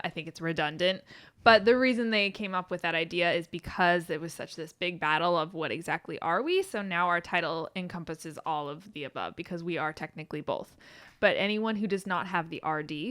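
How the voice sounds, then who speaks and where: A young woman, a dietitian guest in a casual interview, explaining things clearly. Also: fairly low pitch, fairly bright tone.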